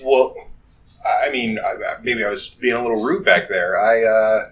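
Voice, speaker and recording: A man voicing a crude, large male orc bandit who talks in halting, rambling bursts. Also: lowish voice, natural voice. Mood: sheepish. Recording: distant mic, faint noise.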